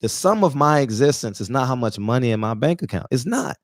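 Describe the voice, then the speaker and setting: A man's voice: mid-range voice, very animated, fairly quick, dry recording, clean studio sound. Impassioned man on the verge of tears. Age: 40s. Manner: emphatic, preachy, repeats himself. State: near tears, emotional. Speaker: barbershop talk show regular. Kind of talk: impassioned casual monologue.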